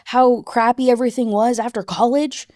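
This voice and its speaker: A woman's voice: mid-range voice, a little mellow, no echo, studio quality, lightly acted. A woman voicing a distraught young woman who fires off emotional, defensive accusations while retelling a book. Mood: accusing. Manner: emotional, rapid-fire accusations.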